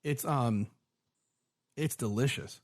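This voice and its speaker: A man's voice: mid-range voice, takes it slowly, dry recording, clean studio sound. A man co-hosting a podcast in casual chat, gushing with enthusiasm. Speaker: podcast co-host.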